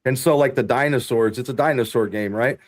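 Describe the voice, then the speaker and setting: A man from Texas spins a long, loose story for his podcast, his pitch sitting right in the middle for a man. He talks in an animated, casual way, breaks into laughter as he goes and swears without a second thought. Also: a little fast.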